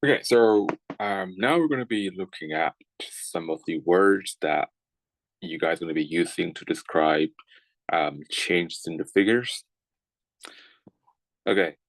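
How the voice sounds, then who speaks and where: A man's voice: low voice, very animated, measured pace, gravelly, dry recording, rough recording. A man teaching a writing class, lecturing with frequent "okay"s and restarts. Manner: repeats words and restarts, says okay often.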